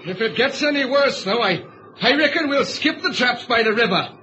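An actor with an Irish accent playing a worried, urgent trapper in an old radio drama. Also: male voice, extremely high pitch, animated, normal speed, pushed and bright, exaggerated voice. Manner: uneasy, urgent. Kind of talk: vintage radio drama acting. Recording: muffled noisy old radio recording.

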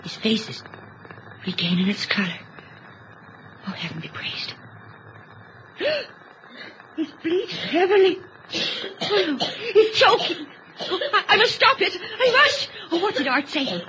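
An actress playing a panicky young wife who stammers and pleads while talked through an emergency, in old radio drama style. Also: female voice, mid-range voice, big pitch swings, normal speed, natural voice. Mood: frantic. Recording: dull, hissy old recording.

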